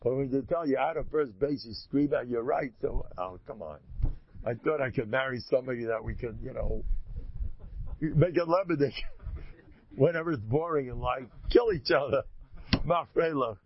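Male lecturer, gravelly, rambling storyteller, muffled lo-fi recording. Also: medium pitch, normal speed. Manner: rambling storyteller who acts out dialogue. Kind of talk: informal religious talk to an audience. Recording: muffled lo-fi recording with faint noise.

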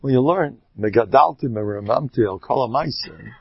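A man, giving an animated Torah lecture. His gravelly, husky voice swings widely in pitch as he tells stories. The recording is dry and dull, lo-fi. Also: normal speed, dry recording. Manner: animated storyteller, jumps between Hebrew terms and English slang. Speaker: rabbi giving a class.

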